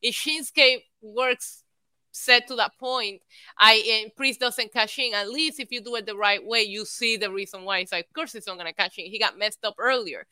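A woman co-hosting a casual podcast, chatty and quick to laugh. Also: on the high side, sharp tone, clean tone, no echo. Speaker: podcast co-host.

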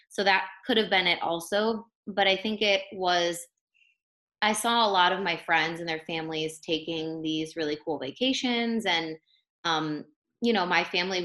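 A young woman talks casually as a podcast guest, chatty and easygoing. Her voice sits a little low for a woman, and her speech is full of "like"s. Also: a bit bright. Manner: chatty, many fillers like 'like'. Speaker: podcast guest, life coach. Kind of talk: casual interview chat.

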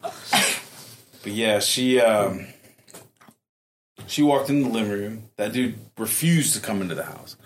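A man telling a story in a casual podcast chat, animated and profane, often laughing. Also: on the low side, slow, long pauses. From Ohio, USA. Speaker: podcast guest.

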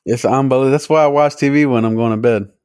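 A man's voice: medium pitch, racing, a little mellow, clean tone, no echo, clean studio sound. A young man co-hosting a podcast, chatting casually and rambling with lots of filler words. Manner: rambling, many "like" fillers, laughs easily. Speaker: podcast co-host. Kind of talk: casual chat.

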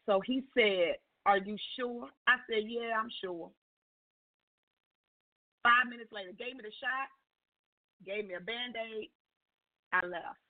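A woman guest on a call-in radio show, telling a personal testimony in a lively storytelling way and acting out the dialogue. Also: fairly high pitch, measured pace, pauses often, no echo. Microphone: phone. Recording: tinny phone line.

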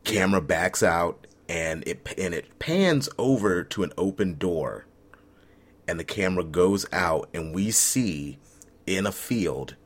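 A man's voice: sits low, expressive, unhurried. A man co-hosting a casual podcast chat, laying out ideas in vivid, scene-by-scene detail. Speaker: podcast co-host.

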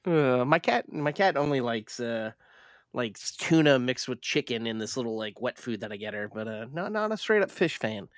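A man's voice: medium pitch, lively intonation, moderate pace, no room sound, studio quality. A man co-hosting a casual movie podcast, jokey and rambling, often giggling. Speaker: podcast co-host.

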